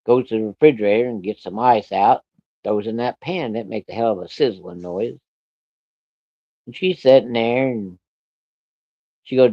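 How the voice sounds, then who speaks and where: A man's voice: mid-range voice, normal speed, long pauses, no echo, lo-fi sound. A man telling a personal story in a casual, plainspoken way, with plenty of profanity. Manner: plainspoken, profane, vivid retelling.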